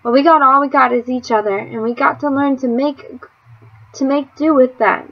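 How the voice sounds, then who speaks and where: A grieving father speaks softly and plainly, at times in a whisper, as a woman puts him on. The voice stays high. The recording has a dull, muffled tone. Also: fairly even intonation, moderate pace. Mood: tender. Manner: soft, plain-spoken, whispering. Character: grieving quiet father, plain-spoken man.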